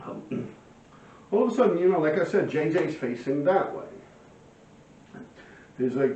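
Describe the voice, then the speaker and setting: A man telling his own street crime stories to camera, animated and profane, full of slang and fillers. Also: a little high, a little slow, pauses often, slight background noise. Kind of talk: casual street storytelling to camera. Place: at home by a window. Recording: roomy, distant, dull sound.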